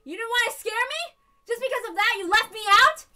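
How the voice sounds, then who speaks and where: A woman's voice: very high-pitched, animated, brisk, bright, forceful tone, faint music behind, voice pushed up, exaggerated voice. A woman voicing an anguished, self-blaming teenage boy in a tearful, dramatic visual novel reading. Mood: agitated.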